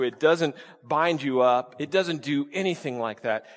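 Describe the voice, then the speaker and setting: A male pastor delivers an emphatic sermon in a slightly high voice. He keeps asking his listeners rhetorical questions and repeats his key words for weight. A long reverb trails behind every phrase, as in a large hall. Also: measured pace, few pauses.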